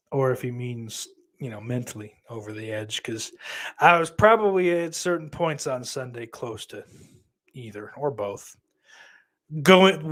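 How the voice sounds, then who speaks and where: A young man hosting a podcast, chatting casually in a rambling, profane, self-deprecating way. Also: mid-range voice. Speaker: podcast host. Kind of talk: casual livestream chat.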